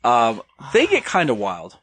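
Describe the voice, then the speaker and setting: A young man telling a story as a podcast guest, with lots of ums and pauses. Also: mid-range voice, huge pitch swings, fairly bright tone, a little hiss or hum. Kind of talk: casual podcast chat.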